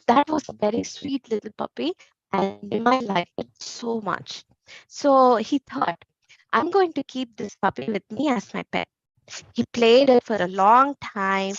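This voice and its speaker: Woman, children's teacher, storytelling, high-pitched, dry, dull audio. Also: no room sound. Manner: asks kids questions, animated. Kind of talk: storytelling to kids.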